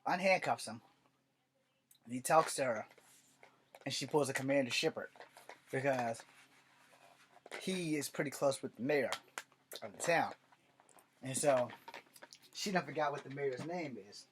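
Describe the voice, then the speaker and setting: A man's voice: mid-range voice, a little slow, long pauses, a bit bright, slight background noise. Rambling, profane man recapping his story. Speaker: writer and channel host. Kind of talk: casual storytelling vlog.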